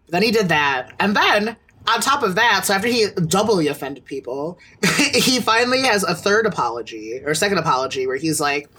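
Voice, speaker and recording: Husky-voiced man ranting bluntly. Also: sits high, expressive, fairly quick, few pauses, sharp tone. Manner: blunt, heated, swears freely. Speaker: podcast co-host. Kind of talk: casual chat.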